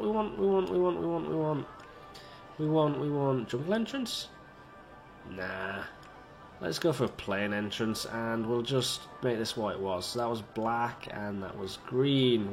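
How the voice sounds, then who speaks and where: A man giving casual, rambling, self-mocking commentary as he plays a park-building video game and talks to its little characters. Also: mid-range voice. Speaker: video game let's-player.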